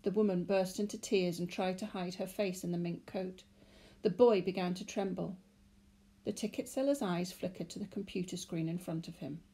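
A woman with a British accent reading a children's novel aloud in a lively, expressive storytelling way. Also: fairly low pitch, moderate pace, breathy edge.

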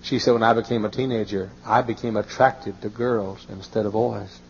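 A man in his late fifties preaching a sermon, telling folksy stories and often crying out in high, excited bursts. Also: normal speed, gravelly. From Texas. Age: 50s. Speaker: pastor. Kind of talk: sermon with storytelling. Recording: muffled old sermon tape with faint hiss.

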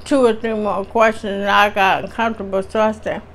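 A woman's voice: medium pitch, steady tone, fairly quick, few pauses, fairly bright tone, slight background noise. A woman vlogger with a strained voice, telling a personal story to her viewers in a candid, chatty way. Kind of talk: casual storytime chat.

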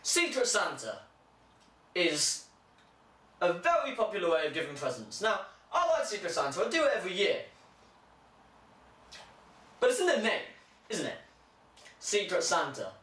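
A young man delivering a sarcastic comic monologue, breaking into shrill mocking voices. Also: wildly swooping pitch, normal speed, pauses often, a bit bright. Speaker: comedian. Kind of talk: stand-up style comic monologue. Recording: echoey room, mic held far off.

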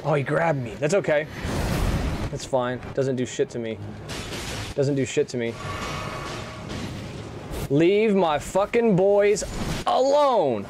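A man's voice: a little high, expressive, slow, pauses often, over loud music. A young man giving casual, profane live commentary while streaming a game. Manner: casual and profane, swears freely.

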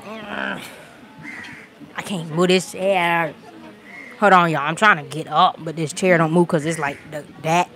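Her voice fairly low, steady and fairly bright, this vlogger speaks at a measured pace with long pauses while livestreaming from an outdoor restaurant patio. Holding a phone mic amid a crowd, she's a bit out of breath, chatty and rambling, and laughs a lot.

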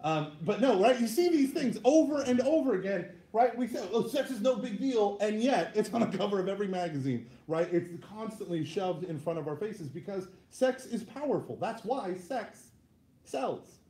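A man in his thirties giving a lively, joking talk to a live audience as a Catholic speaker, with frequent "right?" asides. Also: sits high, normal speed, reverberant, poor audio.

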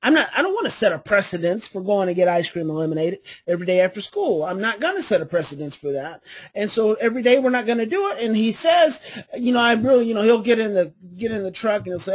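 A woman's voice: mid-range voice, expressive, quick pace, husky. A woman giving a parenting coaching class, telling family stories and hammering points home by repeating them. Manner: storytelling with family anecdotes, emphatic repetition.

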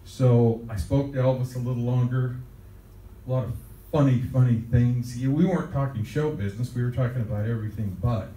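A man's voice: mid-range voice, fairly even intonation, brisk, warm tone. Older man telling a rambling story. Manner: rambling storyteller, chuckles often. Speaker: interviewee. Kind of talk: recounting a childhood anecdote. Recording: roomy, distant mic, faint ambience.

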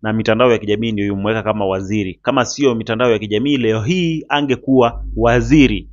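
A Kenyan man hosts political commentary, talking quickly and earnestly straight to his viewers and pausing on a drawn-out "ah". The recording is dull and lo-fi, as if the highs were cut off. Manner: addresses viewer directly, earnest, filler "ah" pauses. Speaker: host.

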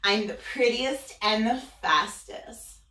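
A woman's voice: fairly high pitch, slow pace, pushed and bright, pitched above the performer's own voice. A woman voicing a vain, boastful little girl in a red cape, sing-song and preening, recorded in a roomy space from a distance.

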